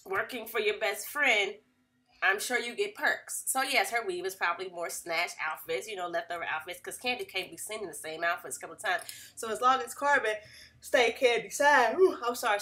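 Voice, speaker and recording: A young woman casually recapping a reality TV episode in a chatty, gossipy, animated way. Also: medium pitch.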